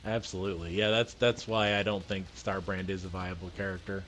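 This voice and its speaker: Calm, dry-humored male podcast host. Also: low-pitched, brisk, faint music behind. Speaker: podcast host presenting news. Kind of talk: casual chat.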